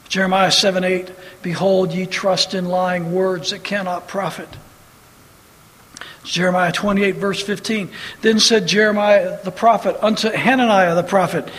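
High-pitched preacher in a reverberant hall. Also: male voice, steady tone, measured pace, fairly bright tone. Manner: preaching with rising emphatic bursts and scripture quotes. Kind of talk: sermon.

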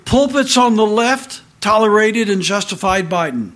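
A middle-aged man with a notably high-pitched voice reads commentary aloud in an indignant tone. He takes his time and drags the words out, marking each quotation with a spoken "quote" and "close quote". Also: lively intonation, measured pace, a bit bright.

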